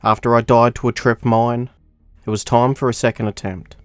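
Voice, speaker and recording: A man's voice: mid-range voice, level tone, normal speed, clear, resonant tone, no echo. A young man telling a gaming story as a scripted voice-over, in a mid-range voice. His delivery is dry and matter-of-fact, with light music underneath. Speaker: gaming channel narrator.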